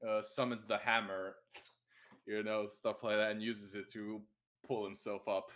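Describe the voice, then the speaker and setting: A man playing in a tabletop game, talking in casual, animated banter. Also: fairly low pitch, a little slow. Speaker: player.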